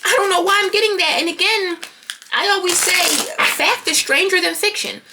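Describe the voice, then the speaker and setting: A woman doing a tarot card reading, animated and thinking aloud as she pulls cards. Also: very high voice, normal speed, heavy background noise. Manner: animated, talking to herself while pulling cards. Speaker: tarot reader.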